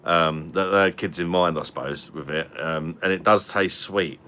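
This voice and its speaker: A man with a low, bright voice chats casually over beers on a home stream. He swears freely, laughs often and drifts into rambling anecdotes. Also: normal speed, a little hiss or hum. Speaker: host of an online pub stream.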